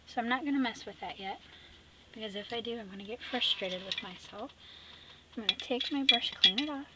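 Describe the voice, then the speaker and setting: A middle-aged woman hosting an art tutorial, chatty and teasing, narrating as she paints and dropping into soft whispered asides. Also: a little high, brisk, very noisy.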